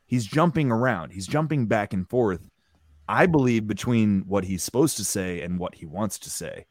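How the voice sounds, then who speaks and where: A man's voice: on the low side, animated, moderate pace, no echo, studio quality. A man hosting a podcast and chatting casually about a clip, swearing freely and theorizing animatedly. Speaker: podcast host. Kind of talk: casual chat reacting to a clip.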